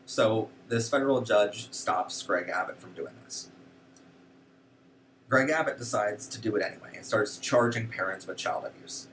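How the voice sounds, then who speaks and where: A man's voice: fairly low pitch, moderate pace, distant mic, slight background noise. A man hosting a show, giving casual, indignant political commentary with lots of fillers. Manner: animated, indignant, frequent fillers. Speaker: show host.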